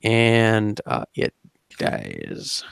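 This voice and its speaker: A man narrating as game master of a tabletop game in a relaxed, casual way. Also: fairly low pitch, extremely slow, vocal fry, smooth, no room sound. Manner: relaxed, casual descriptions with fillers.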